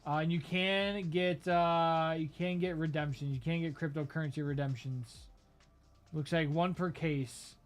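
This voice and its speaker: A man's voice: a little high, steady tone, unhurried, faint music behind. A man hosting a live card-break stream, rambling through a list of items with lots of fillers. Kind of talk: casual live-stream commentary.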